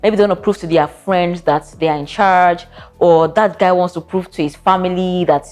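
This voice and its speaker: A woman's voice: on the low side, fairly even intonation, moderate pace, a little mellow. A woman, a therapist giving casual relationship advice in a sassy, playful, direct way.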